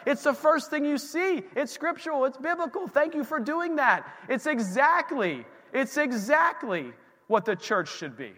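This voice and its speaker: A man preaching a sermon as pastor of a church, animated, with rhetorical questions and exclamations. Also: very high-pitched, normal speed. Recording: reverberant church hall.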